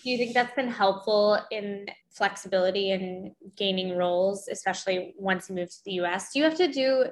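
A woman's voice: mid-range voice, moderate pace, hardly any pauses, low-quality recording. Young woman interviewer, chill chatty tone, says like a lot. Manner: casual, uses lots of "like". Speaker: interviewer host. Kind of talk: casual interview chat.

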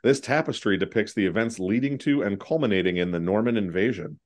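A man's voice: on the low side, fairly quick. A man hosting a casual trivia podcast, joking around and swearing now and then. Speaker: quiz host.

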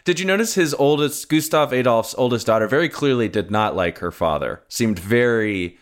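A man's voice: mid-range voice, animated, moderate pace. A man co-hosting a podcast, chatting casually and thoughtfully about a film and laughing often. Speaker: podcast co-host.

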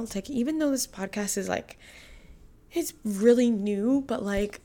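A young woman in a casual podcast monologue, speaking candidly and emotionally. She rambles, with many fillers and restarts, at a mid-range pitch. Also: measured pace, warm tone. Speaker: podcast host.

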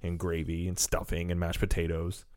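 A man co-hosting a casual chat, joking in a deadpan way. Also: low voice, moderate pace, smooth, no room sound, clean studio sound. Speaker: podcast co-host.

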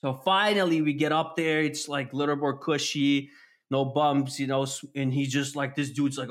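A man telling an animated, casual story, full of fillers and swearing. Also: mid-range voice, normal speed. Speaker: storyteller guest. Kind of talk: casual chat.

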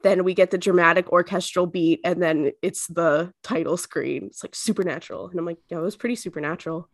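A woman co-hosting a podcast, recapping an episode in casual chat full of fillers and quick bursts. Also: on the low side, steady tone, no room sound, studio quality. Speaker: podcast co-host.

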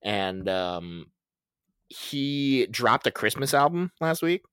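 A young man co-hosting a casual podcast, chatty and animated, swearing casually while telling stories. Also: medium pitch, slow pace, clean tone, no room sound, clean studio sound. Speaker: podcast co-host.

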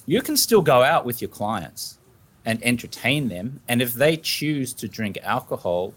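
An Australian man speaks as a podcast guest, his voice pitched in the middle range for a man. He talks casually and animatedly. He often slips into small acted-out scenes to make his points. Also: slightly rough. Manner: animated storytelling, acting out little scenes. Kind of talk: casual interview talk.

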